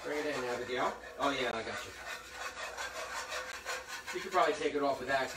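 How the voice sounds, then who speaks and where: Chatty cook explaining from across an echoey kitchen. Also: male voice, medium pitch, brisk. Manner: chatty, explains steps as he cooks. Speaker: cooking instructor. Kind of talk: live cooking demonstration. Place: hot kitchen. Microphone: phone streaming to a remote audience. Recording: echoey room, voice from a distance.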